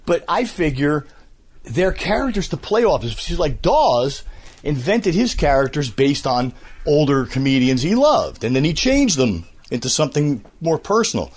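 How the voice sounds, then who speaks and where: A man's voice: a little high, normal speed. A man, a voice actor and radio host, chatting casually at home while a little out of breath from a cold, telling rambling stories. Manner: animated, rambling storyteller who slips into impressions. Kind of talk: casual interview chat. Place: at home, walking around.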